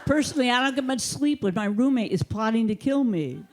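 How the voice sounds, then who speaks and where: Speaking briskly in a fairly high voice, a woman delivers a stand-up routine on a theater stage through a handheld mic. Her manner is deadpan and mock-authoritative, and the background is noisy.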